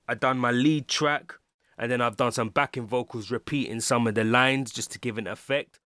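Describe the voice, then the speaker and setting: A man's voice: medium pitch, steady tone, normal speed, pushed and bright, smooth. A man with a London English accent, a music producer talking through a casual tutorial, rambling with lots of ums and restarts. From England.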